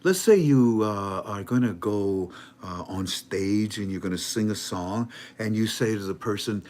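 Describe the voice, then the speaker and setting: A man giving an animated commentary monologue in a dramatic, emphatic way, with many stammering restarts. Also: medium pitch, moderate pace. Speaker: online currency commentator.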